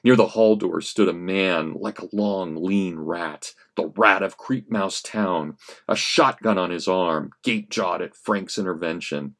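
Man reading a story with drama. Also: measured pace. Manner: expressive reading, rising for action and dropping low for menace. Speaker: history professor.

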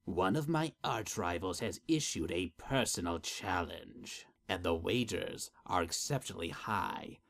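A man voicing a cold, commanding non-human male master who speaks slowly and with menace. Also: low-pitched, animated, vocal fry, fairly bright tone, heavily acted. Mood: menacing. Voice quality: slow, menacing, measured.

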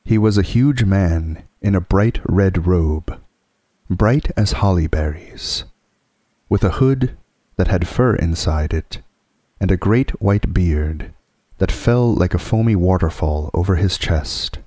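Calm male storyteller, deep and unhurried, on a dry close recording. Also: dry recording. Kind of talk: bedtime story reading.

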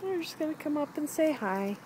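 A woman's voice: sits high, animated, a little fast, noisy background. A woman filming her dogs in a backyard on a handheld camera, calling and coaxing them in a sing-song voice. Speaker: dog owner filming her pets. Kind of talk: casual home video narration. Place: backyard outdoors by a fence.

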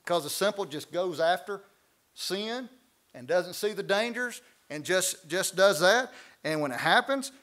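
A preaching man teaches a Bible study in church. His voice sits notably high, and he is lively and folksy as he explains the scripture. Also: a little slow. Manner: animated preaching with folksy asides and acted quotes. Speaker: pastor.

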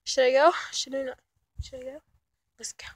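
A woman's voice: sits high, normal speed. A woman vlogging outdoors in the cold, chatting casually and exclaiming over and over. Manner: excitable, keeps exclaiming. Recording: loud outdoor noise.

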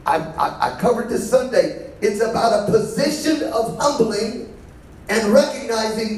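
Speaking in a very high-pitched, sing-song voice, a man preaches a little slowly as a bishop. His sermon is conversational, built on call-and-response with the congregation. It's recorded from a distance in an echoey church.

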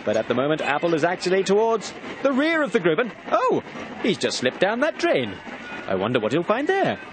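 A man playing an excited sports commentator who calls a contest in a school pantomime. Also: high voice, fairly quick. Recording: clear background noise.

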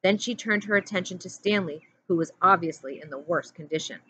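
A woman teacher reading a chapter book aloud in a steady, plain narrating voice. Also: lowish voice, brisk. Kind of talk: storybook read-aloud. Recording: dull lo-fi audio with faint hum.

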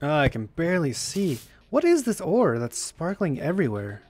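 A young man doing let's play commentary, excitable and given to shouting at enemies in frustration. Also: a little high, moderate pace. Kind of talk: gameplay commentary.

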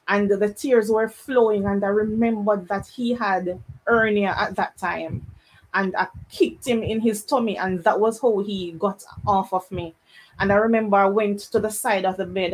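A woman's voice: medium pitch, rough recording. A Jamaican woman, a guest on a live panel, earnestly telling a personal story and acting out the voices of the people in it. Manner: earnest storytelling, acts out quoted lines.

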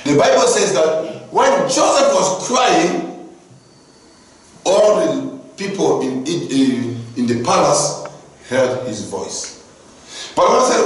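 Preacher in a very echoey hall. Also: male voice, fairly high pitch, slow, long pauses. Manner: animated, repeatedly asking the congregation "do you understand?". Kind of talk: sermon storytelling. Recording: very echoey hall, heard from a distance.

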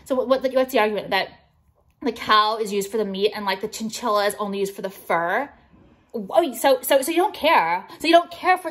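A woman vlogger venting to her viewers in a profane, combative rant full of fillers. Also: a little high. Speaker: jewelry brand owner and vlogger.

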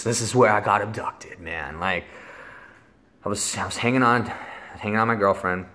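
Young male vlogger, low and bright voice, loose rambling storyteller. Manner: rambling, lots of filler words and swearing. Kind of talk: casual storytelling.

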